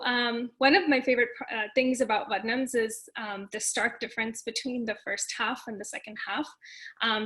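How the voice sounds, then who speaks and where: A woman's voice: a little high, fairly bright tone, low-quality recording. A woman on a dance panel, explaining a piece step by step in a thoughtful way with many fillers. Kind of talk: casual panel discussion.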